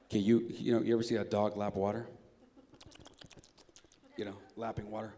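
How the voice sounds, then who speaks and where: A man preaching a sermon as a pastor, retelling a Bible story in a lively, joking storyteller's way and acting out the characters. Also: on the low side, normal speed, pauses often. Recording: echoey hall reverb.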